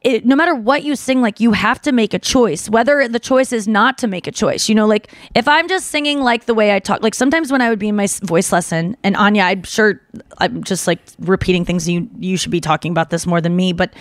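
A woman hosting a podcast in casual chat, talking fast and loose, full of "like", and slipping into singer impressions. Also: mid-range voice, no echo, clean studio sound. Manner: chatty, slips into quick singer impressions. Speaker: podcast host.

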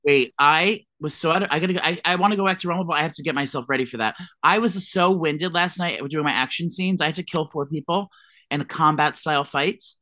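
Low-voiced woman, joking. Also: fairly quick, pushed and bright, no room sound, clean studio sound. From New Jersey. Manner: joking, rambling, lots of fillers. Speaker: podcast co-host. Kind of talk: casual chat.

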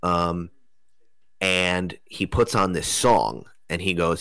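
A young man from New Jersey telling a rambling, animated story in casual conversation, loose with slang and swearing. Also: sits low, slow pace, no echo.

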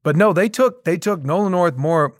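A middle-aged man, a guest voice actor, telling animated stories in casual interview chat with many restarts. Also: high voice, normal speed, no room sound, clean studio sound.

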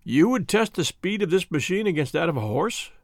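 A man voicing a grave, formal general who speaks deliberately. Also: high-pitched, very animated, no echo, studio quality. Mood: stern. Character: stern, measured male general, middle-aged.

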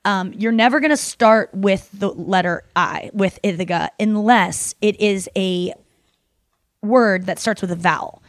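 A young woman hosts a casual chat, rambling with plenty of fillers and swearing now and then. Her pitch sits in the middle of the range. The recording is close and dry, with no room sound. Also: a little slow, no echo. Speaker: podcast host.

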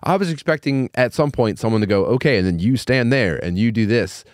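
A man's voice: mid-range voice, lively intonation, fairly quick, dry recording, clean studio sound. A man on a podcast telling a rambling, self-deprecating comic story in casual, crude chat, laughing often. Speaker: podcast co-host.

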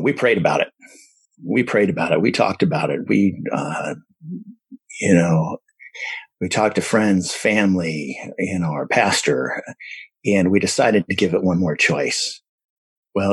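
Low husky man, halting storytelling. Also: dry recording, low-quality recording. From San Diego area. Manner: halting, many fillers and restarts. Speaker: adoptive parent sharing his story. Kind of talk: casual personal storytelling.

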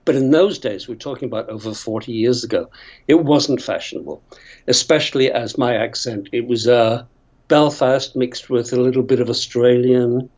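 A man's voice: mid-range voice, normal speed, darkish tone, lo-fi sound. A man in his sixties from Northern Ireland, an actor guest telling rambling stories in a casual interview and laughing often. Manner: chatty, rambling storyteller who laughs often.

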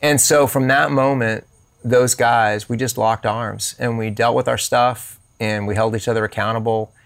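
A man's voice: medium pitch, steady tone, normal speed, creaky. A man who is a podcast guest, telling a personal faith story and acting out quoted dialogue in shifting voices.

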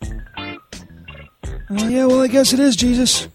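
A man's voice: very high-pitched, fairly even intonation, unhurried, soft background music. A man playing Peter, a shifty, profane man who runs a haunted house, in a comedy radio sketch. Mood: defiant. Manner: defiant, profane, grumbling.

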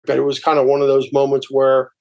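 A man's voice: mid-range voice, completely flat delivery, quick pace, creaky, a little mellow, low-quality recording. A man journalist reflecting on a field assignment in an interview, searching for his words.

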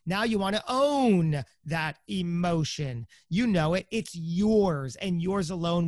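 High-voiced man explaining a coaching method. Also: no room sound, studio quality. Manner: explains step by step, acts out inner thoughts. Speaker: podcast guest.

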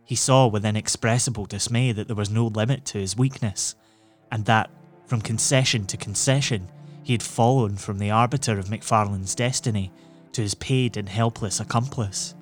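Man narrating an audiobook, faint music. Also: fairly low pitch.

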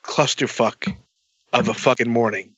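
A man telling a long story in a casual, animated way, swearing a lot and acting out both sides of the dialogue. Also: mid-range voice, measured pace, slightly rough, no echo, dull audio.

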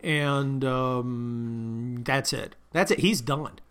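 A man's voice: mid-range voice, drawn-out words, a bit bright, clean tone. A man hosting a political talk monologue, combative and sarcastic, heaping insults on his targets. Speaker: political commentary host.

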